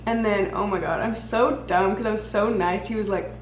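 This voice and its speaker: A woman telling stories in a casual chat, animated and laughing often as she talks. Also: mid-range voice, brisk. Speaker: guest. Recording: echoey room with faint background noise.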